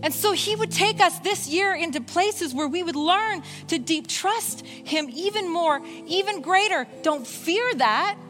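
Woman preacher, high voice, animated sermon delivery, faint guitar music behind. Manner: animated, voices the Bible figures in quoted lines.

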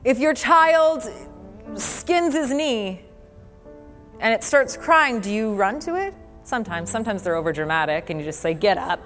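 A woman's voice: a little high, sing-song, moderate pace, fairly bright tone. A woman preacher delivering an earnest, conversational sermon, laughing now and then and quoting scripture. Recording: long hall reverb with faint music.

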